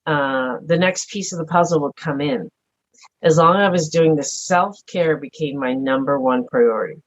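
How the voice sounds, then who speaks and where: A woman's voice: sits low, moderate pace. Earnest middle-aged woman, lo-fi sound. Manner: earnest, soft-spoken, thinking aloud. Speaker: podcast guest. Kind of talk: reflective personal conversation. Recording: dull lo-fi audio.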